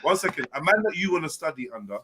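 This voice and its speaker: A man hosting a live online panel, insistent, cutting in, and stressing words slowly. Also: on the high side, very animated, crowd noise. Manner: insistent, interrupts, slow deliberate emphasis. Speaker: panel host. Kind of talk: heated casual debate.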